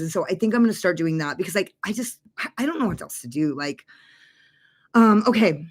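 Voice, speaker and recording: A woman's voice: medium pitch, expressive, fast, slightly rough. A woman in her forties chatting casually to camera as a beauty vlogger, candid and rambling, swearing freely and full of "like" fillers. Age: 40s. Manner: frequent "like" fillers and restarts. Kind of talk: casual confessional chat.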